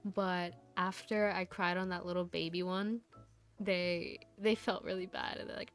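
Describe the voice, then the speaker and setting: A woman's voice: fairly low pitch, steady tone, a little slow, faint music behind. A woman VTuber chatting casually to her stream viewers, rambling through a story with lots of laughs and fillers.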